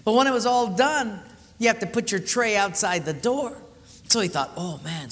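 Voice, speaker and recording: Animated preacher man in a reverberant hall. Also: high voice, normal speed, faint music behind. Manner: animated storytelling, swinging between loud and hushed. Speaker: pastor. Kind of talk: sermon.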